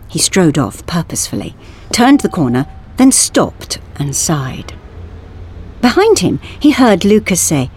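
A woman narrating an audiobook story in an expressive way. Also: lowish voice, a little slow, slightly rough. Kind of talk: scripted narration.

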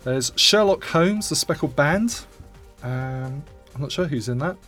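A man's voice: a little high, lively intonation, unhurried, a bit bright, soft background music. A man co-hosting a podcast, reading listener emails aloud with dry asides. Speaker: podcast co-host.

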